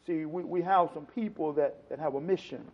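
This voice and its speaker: A man preaching a sermon, swinging from loud, emphatic lines to hushed ones and acting out the quotes. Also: fairly high pitch, a little fast. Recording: dull lo-fi sound.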